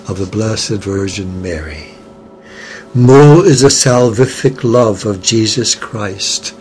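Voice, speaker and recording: An older man gives a Zen dharma talk at a very slow, deliberate pace, pausing often and asking question after question. His voice sits in an ordinary middle range, and a faint ambient hiss lies behind him. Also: mid-range voice, low-quality recording. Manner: slow, measured, with long pauses; earnest, questioning delivery. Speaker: Zen teacher.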